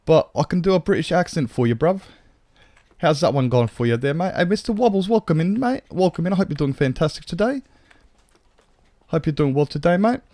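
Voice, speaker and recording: A man's voice: mid-range voice, expressive, fast talker, creaky, hardly any pauses, warm tone, dry recording. A man putting on a cheeky mock-British bloke. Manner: exaggerated jokey accent with slang.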